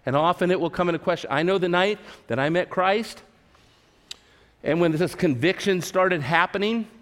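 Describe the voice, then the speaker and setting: Earnest pastor in a reverberant hall. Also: male voice, high voice, normal speed, a bit bright. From California. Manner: earnest, repeats words, asks the listeners questions. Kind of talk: sermon. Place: church service.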